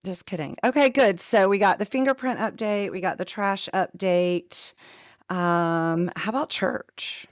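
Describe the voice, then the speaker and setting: A woman's voice: medium pitch, a little slow, no echo, studio quality. A middle-aged woman co-hosting a podcast with her daughter, teasing and motherly as she steers the talk with questions. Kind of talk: casual chat.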